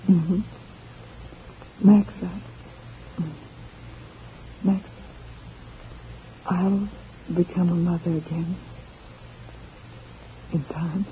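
An actress playing a devoted sweetheart who speaks softly and adoringly, in 1930s radio drama acting. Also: female voice, lowish voice, fairly even intonation, very slow, pauses often, slight background noise. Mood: tender. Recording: dull lo-fi old radio recording.

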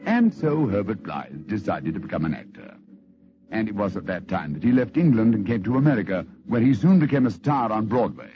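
Lively, low-voiced man telling a radio story. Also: fairly quick, music in the background. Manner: dramatic, theatrical storytelling. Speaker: storyteller narrator. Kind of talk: scripted radio narration. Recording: lo-fi old radio recording.

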